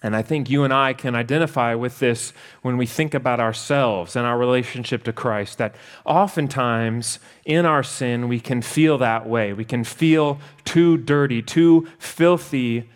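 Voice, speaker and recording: A man delivering a sermon with an earnest, deliberate manner. He slows his pace for emphasis and speaks at an ordinary middle pitch. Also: smooth. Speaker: preacher.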